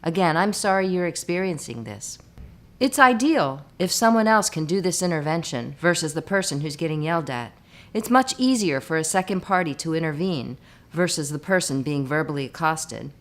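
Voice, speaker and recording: A woman reading scripted narration for a hospital staff training video, measured and instructive. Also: low voice, lively intonation.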